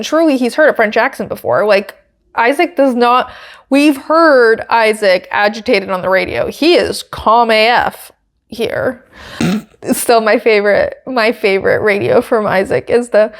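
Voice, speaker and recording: A woman's voice: fairly high pitch, animated, normal speed. A young woman hosting a podcast, recapping a race in casual chat with lots of fillers and asides. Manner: chatty, frequent fillers and asides. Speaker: podcast host.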